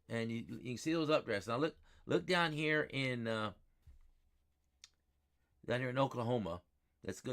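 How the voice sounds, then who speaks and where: A man hosting a live weather stream, talking excitedly over radar maps and repeating himself as he rambles. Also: mid-range voice, gravelly.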